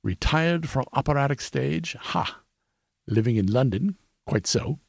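Audiobook: narrator doing a languid, dry detective, husky and lively in pitch. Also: male voice, unhurried, dry recording, heavily acted. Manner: dry and clipped, murmuring.

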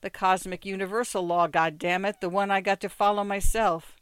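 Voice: medium pitch, fairly even intonation, moderate pace, fairly bright tone, clear, resonant tone, dry recording, lightly acted. A reader voicing Ginsberg, a cold metallic death figure. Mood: cold indifference. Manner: curt, indifferent. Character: menacing death-like ticket collector, cold and amused.

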